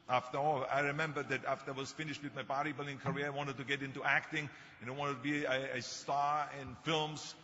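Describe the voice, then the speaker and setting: A man's voice: mid-range voice, level tone, fairly quick, few pauses, sharp tone, a little hiss or hum. An older man with a thick Austrian German accent gives a motivational speech, telling stories with dry humor. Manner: storytelling with humor. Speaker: speaker. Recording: muffled hall recording.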